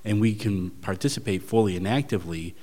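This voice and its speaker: A man with a lowish voice joins a casual podcast discussion. He reacts eagerly and with enthusiasm. His voice trails off in a lingering reverb. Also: fairly quick, dark tone. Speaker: podcast co-host.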